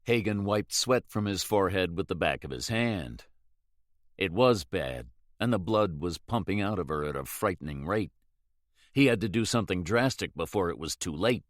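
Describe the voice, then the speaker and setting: Male narrator, low and steady, dry close read. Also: moderate pace, no room sound. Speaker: audiobook narrator. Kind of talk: scripted narration.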